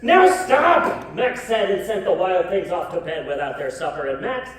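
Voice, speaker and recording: A woman's voice: fairly low pitch, brisk. Woman telling a story live, voice jumps all over, echoey room, mic far off. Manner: animated, joking asides, coaxing the crowd. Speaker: storyteller, comedian. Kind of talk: live comedic storybook reading with audience participation. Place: live show venue with audience.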